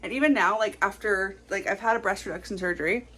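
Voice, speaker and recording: A young woman in her twenties talking casually to camera in a confessional vlog, rambling quickly with lots of fillers. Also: medium pitch, fairly bright tone, slightly rough. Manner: chatty, rambling, fast-talking with many fillers. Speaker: vlogger.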